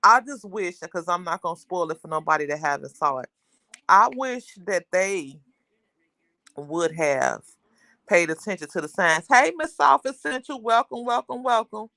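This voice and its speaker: A woman's voice: on the low side, expressive, moderate pace, sharp tone, no echo, clean studio sound. A woman hosting a casual livestream, chatting with viewers in a rambling, talkative way. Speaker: livestream host.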